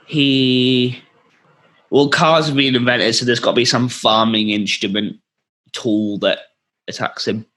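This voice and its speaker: A man co-hosting a comedy podcast, chatting excitedly and often trailing off mid-thought. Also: mid-range voice, a little slow. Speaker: podcast co-host. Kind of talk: casual comedic chat.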